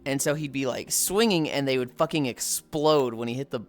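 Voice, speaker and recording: A streamer chatting casually and joking profanely while walking and playing, launching into high put-on voices to quote people. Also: a little fast, soft background music. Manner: animated, jumps into high put-on voices when quoting people.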